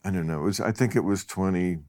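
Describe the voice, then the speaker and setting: A man hosting a casual chat, blunt and quick to laugh, often chiming in with agreement. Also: low-pitched, a little mellow. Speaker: host.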